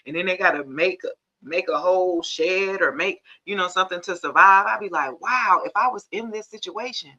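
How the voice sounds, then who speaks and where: A woman's voice: medium pitch, vocal fry, bright, forceful tone. A woman hosting a casual live tarot reading, chatting straight to viewers and calling them y'all, on dull lo-fi stream audio.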